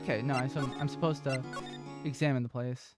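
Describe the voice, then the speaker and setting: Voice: mid-range voice, fairly even intonation, a little fast, over loud music. A streamer giving casual, rambling commentary while playing a game, with swearing and laughing asides.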